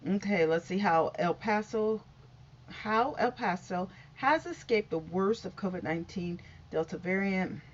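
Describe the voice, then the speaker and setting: A woman's voice: medium pitch, lively intonation, unhurried, dull audio, slight background noise. A woman, vlogging a casual news recap, chatty and scattered, talking straight to her viewers. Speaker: YouTube vlogger.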